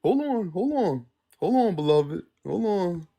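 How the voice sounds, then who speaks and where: A man calling into a debate stream, speaking in a drawn-out, playful preacher-like cadence and calling others beloved. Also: high voice, very animated, warm tone. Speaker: caller posing as a divine figure. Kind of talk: casual debate chat.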